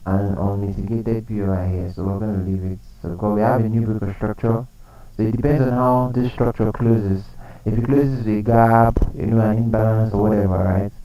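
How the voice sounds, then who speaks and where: A man's voice: on the low side, dark tone, distant mic, rough recording. Man coaching traders with quiz-style repetition. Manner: explanatory, repeats key points, asks rhetorical questions. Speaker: trading coach. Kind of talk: live trading analysis.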